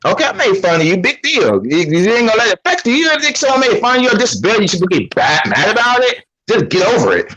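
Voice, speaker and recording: A man taunting and dismissing someone on a live stream in quick mocking banter. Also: sits high, very animated, sharp tone, breathy edge, lo-fi sound. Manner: taunting, dismissive, fast-talking.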